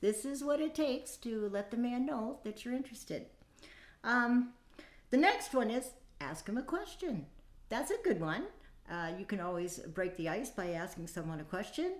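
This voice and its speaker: A woman's voice: fairly high pitch, expressive, normal speed. A woman in her fifties hosting a casual dating-advice talk, chatty and folksy, with many fillers and asides. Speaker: podcast host. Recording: echoey room.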